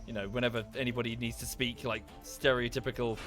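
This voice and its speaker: A man with an Estuary English accent streams a game in loose, rambling chat. His pitch sits in a middle range, and he drops in thanks to viewers without breaking his flow. Soft game music hums quietly behind him. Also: level tone, fast talker. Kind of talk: casual gameplay commentary.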